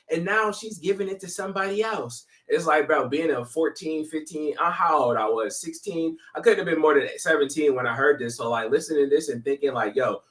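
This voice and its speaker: A man around thirty giving casual, slangy reaction commentary on a song during a livestream. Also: mid-range voice. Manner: animated, slangy, talks back to the song. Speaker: livestream host reacting to music.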